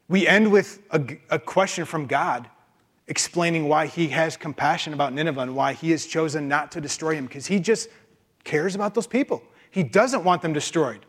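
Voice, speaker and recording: A man preaching a sermon with an animated, emphatic delivery and frequent rhetorical questions. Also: fairly high pitch, breathy edge. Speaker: pastor.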